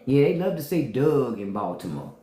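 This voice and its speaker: A low-voiced woman with a D.C. chats candidly on a livestream, her pitch swinging up and down as she talks. She laughs often and drops into imitations of how people speak in other cities. The room is echoey around her. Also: very animated, moderate pace, mellow. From Washington, D.C. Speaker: podcast host on a livestream. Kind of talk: casual livestream chat answering viewers.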